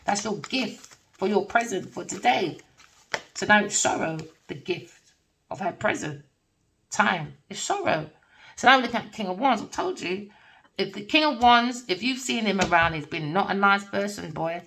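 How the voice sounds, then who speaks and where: A woman's voice: medium pitch, expressive, normal speed, creaky, a bit bright, a little hiss or hum. A middle-aged woman giving a rambling spiritual tarot reading, blunt and swearing freely, often breaking into laughter. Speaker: tarot reader. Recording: voice distant from the mic.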